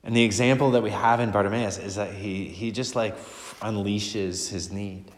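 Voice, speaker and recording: Low-voiced priest preaching in an echoing church. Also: male voice, steady tone, moderate pace. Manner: earnest and conversational, repeats phrases for emphasis. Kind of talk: sermon.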